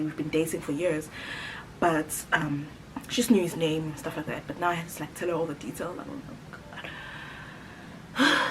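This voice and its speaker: A woman's voice: fairly low pitch, a little hiss or hum, rough recording. A woman in her late twenties from South Africa, heavily pregnant, chatting animatedly to her viewers and acting out quotes. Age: 20s. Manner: animated, chatty, laughs often, acts out quotes. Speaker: YouTuber. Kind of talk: casual storytelling to camera.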